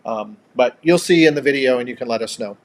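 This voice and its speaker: A man's voice: medium pitch, fast talker. Chatty man hosting a live stream. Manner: chatty, reads out and thanks viewer comments. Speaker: co-host of a live chat. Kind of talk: casual live-stream chat.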